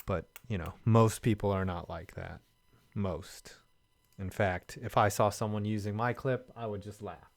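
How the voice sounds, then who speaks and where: A man's voice: on the low side, fairly even intonation, unhurried, gravelly. A man hosting a casual sports talk live stream, wry and loose, often trailing off into mumbles.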